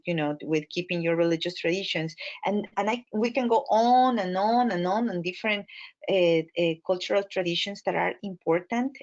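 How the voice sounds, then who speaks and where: A woman with a Latin American Spanish accent, a Spanish speaker, giving a training talk as an immigrant advocate, expressive and full of fillers. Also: low voice. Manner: expressive, animated storytelling with many fillers. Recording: muffled lo-fi audio.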